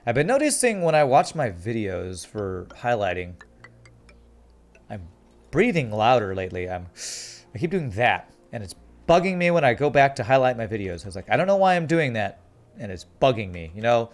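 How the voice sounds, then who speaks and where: An American man giving relaxed, chatty commentary while playing a game and reading his chat aloud. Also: on the low side, normal speed. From United States. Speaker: game streamer. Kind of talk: casual gameplay commentary. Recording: faint music behind.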